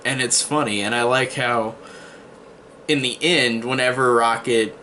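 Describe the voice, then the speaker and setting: A man's voice: medium pitch, steady tone, measured pace, pushed and bright, a little hiss or hum. A man giving a casual spoken movie review, rambling with frequent restarts and fillers.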